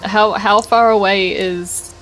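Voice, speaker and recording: A woman's voice: mid-range voice, steady tone, slow, a bit bright, slight background noise, rough recording. A woman playing a tabletop game in a casual, blunt way. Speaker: player.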